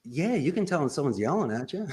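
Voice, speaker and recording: A man's voice: fairly high pitch, very animated, fairly quick, a little mellow, husky. A man who owns a call center, talking as a podcast guest in an emphatic, punchy way that is full of sports and pop-culture references. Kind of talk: animated interview talk.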